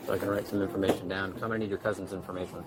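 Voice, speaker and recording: Fast-talking man detective pressing questions. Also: low-pitched, level tone, very noisy. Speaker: police detective. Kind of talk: interrogation questioning.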